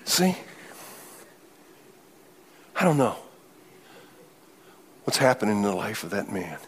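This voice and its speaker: A middle-aged man preaching a sermon, telling stories in an animated way and laughing often. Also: lowish voice, slow pace. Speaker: pastor.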